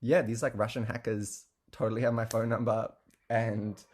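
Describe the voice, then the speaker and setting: Male guest, lowish pitch, loose and chatty storyteller, filler-heavy, laughs mid-sentence. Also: flat delivery, moderate pace, a little mellow. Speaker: guest telling an anecdote. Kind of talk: casual storytelling.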